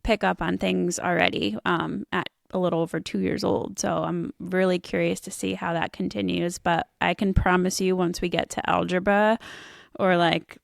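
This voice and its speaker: A woman's voice: lowish voice, level tone, normal speed, vocal fry, no room sound, clean studio sound. A woman in her thirties co-hosting a podcast, chatting casually with lots of "um" and "like". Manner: chatty, uses many fillers like "um" and "like". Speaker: podcast co-host.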